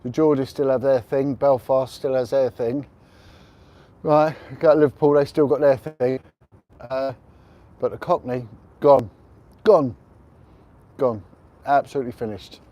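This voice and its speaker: Outdoors on a windy rooftop, a middle-aged man hosts a casual livestream, chatting and rambling while offering blunt opinions. His voice is medium in pitch and mellow, with fairly even intonation and a normal speed. The recording sounds muffled.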